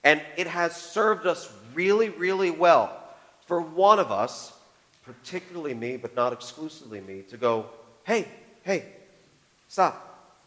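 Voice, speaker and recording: A man preaching a sermon on marriage, animated, moving between loud emphasis and hushed tones. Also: on the high side, normal speed. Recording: long reverb of a large hall.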